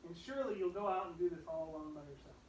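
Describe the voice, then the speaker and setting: Young male youth pastor preaching, higher voice, echoey room, mic some distance off; animated delivery with hushed asides. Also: racing, a little hiss or hum. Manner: animated preaching, dropping to hushed tones for stories. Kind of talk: youth sermon.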